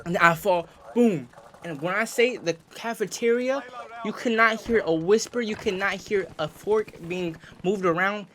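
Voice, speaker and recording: A man's voice: high-pitched, measured pace, slight background noise. A young man casually telling an embarrassing story while playing a shooter game, in slangy speech that keeps saying "bro". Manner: slangy, animated, says "bro" often. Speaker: gaming video creator. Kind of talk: casual storytelling over gameplay. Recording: game gunfire behind voice.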